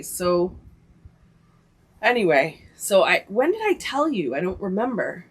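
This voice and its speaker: A middle-aged woman tells a personal story on her podcast, chatty and animated. She acts out what people said and leans on "like" as she goes. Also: lowish voice, a little slow, pauses often, husky. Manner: animated storytelling, many likes and quoted dialogue. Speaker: podcast host. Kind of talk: casual storytelling chat.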